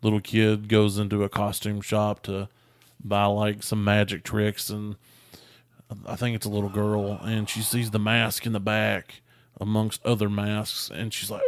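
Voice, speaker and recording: Podcast co-host, man, lowish voice, deadpan jokester, dry sound. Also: moderate pace, no echo. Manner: deadpan joking storyteller. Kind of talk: casual podcast chat.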